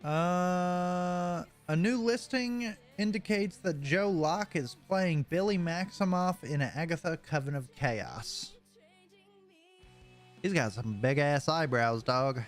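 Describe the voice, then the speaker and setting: A man's voice: a little high, slow pace, faint music behind. A man co-hosting a pop-culture podcast, chatting casually, joking and swearing with a laugh. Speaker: podcast co-host. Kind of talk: casual chat.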